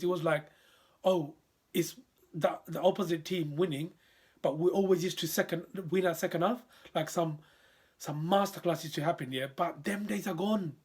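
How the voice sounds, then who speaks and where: Husky guy, kinda high voice, fed up with his team, chatty slang. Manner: passionate, frustrated, slangy. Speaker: fan reviewer. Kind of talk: frustrated football fan review.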